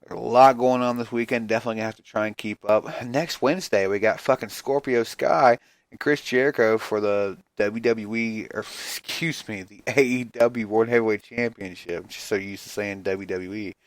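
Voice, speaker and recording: A man's voice: fairly low pitch, fairly even intonation, moderate pace, no room sound. A man hosting a casual solo podcast, ranting in a rambling, profane, frustrated way and sounding tired and yawning. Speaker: podcast host.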